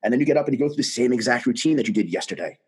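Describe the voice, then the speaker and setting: A man, a guest telling his story in casual conversation, animated and emphatic. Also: medium pitch, rapid-fire, husky.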